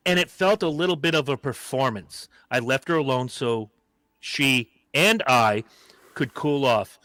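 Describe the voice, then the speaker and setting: A man's voice: mid-range voice, unhurried, no echo. A man hosting a casual comedy podcast, reading out a listener's story with sarcastic asides and plenty of swearing. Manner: animated, sarcastic, swears freely.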